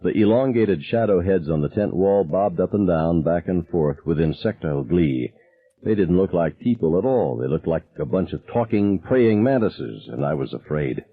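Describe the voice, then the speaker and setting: A man reading a first-person novel aloud as an audiobook narrator, in measured, low-key storytelling. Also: expressive. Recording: tinny, phone-like narrow sound.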